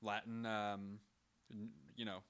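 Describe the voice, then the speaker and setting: A Canadian man co-hosting a casual comedy podcast, delivering absurd jokes in a dry, deadpan way. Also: lowish voice, slow, clean tone. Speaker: podcast co-host.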